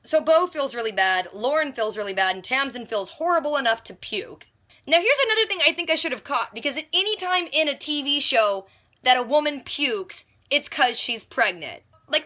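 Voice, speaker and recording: A woman with a bright, fairly high voice recaps a TV episode for her vlog. She talks casually and with lots of animation, breaking into exclamations of disbelief. The tone is tense and forward. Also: animated, brisk. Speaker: TV reaction vlogger.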